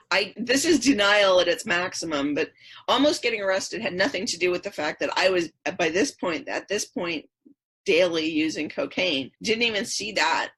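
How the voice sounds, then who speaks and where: A woman's voice: lowish voice, a bit bright, husky. A middle-aged woman, a podcast guest, earnestly recounting her past in a repetitive storytelling rhythm. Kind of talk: personal story in interview.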